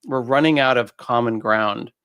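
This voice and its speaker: Animated man explaining in a dry close recording. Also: mid-range voice, normal speed, clear, resonant tone, no room sound. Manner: animated explainer who acts out quoted voices. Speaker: guest. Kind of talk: conversational interview.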